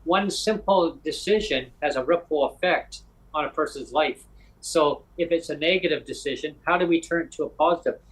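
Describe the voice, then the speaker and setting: A man from Canada hosts a casual podcast, his voice sitting a little high for a man. He talks in an animated, rambling way, restarting sentences as his thoughts run ahead. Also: moderate pace, low-quality recording. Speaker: podcast host.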